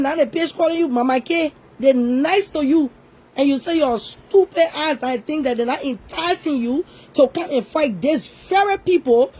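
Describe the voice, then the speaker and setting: Woman, high voice; confrontational online rant, scolding and repetitive. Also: a little mellow, poor audio. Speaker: online commentator. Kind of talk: ranting social media commentary.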